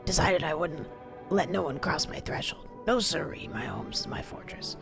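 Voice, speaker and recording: A woman voicing a suspicious old male ranger in a game, in a low, rough half-whisper with a folksy drawl. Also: lively intonation, normal speed, music in the background. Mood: gruff.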